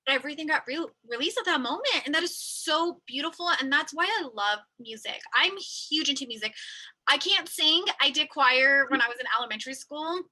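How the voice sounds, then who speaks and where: A woman's voice: sits high, expressive, fairly quick, hardly any pauses, poor audio. A woman podcast host reflecting in casual chat, repeating her points with emphasis. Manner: warmly reflective, emphatic repetition.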